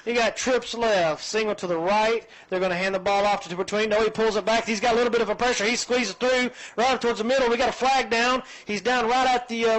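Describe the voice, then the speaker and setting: High-voiced football announcer. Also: male voice, rough recording. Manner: folksy, chatty, excitable on big plays. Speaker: play-by-play announcer. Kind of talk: high school football play-by-play.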